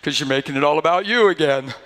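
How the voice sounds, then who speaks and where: A man's voice: fairly high pitch, fast talker, a bit bright, in a large hall. A man preaching a sermon in a conversational way that builds to fervent emphasis, now and then acting out mocking quoted voices.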